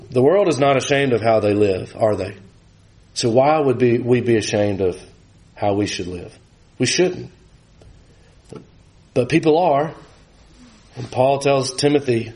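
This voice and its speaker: A man, preaching a sermon with animated, rising emphasis that drops low and quiet for scripture. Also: unhurried, pauses often. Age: 40s.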